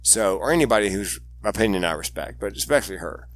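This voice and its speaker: A man's voice: fairly low pitch, fast talker. A man in his sixties, a suicide prevention speaker, telling stories animatedly in an interview and putting on voices for the people in them. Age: 60s. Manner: animated joking storyteller, acts out voices in anecdotes. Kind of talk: storytelling interview chat.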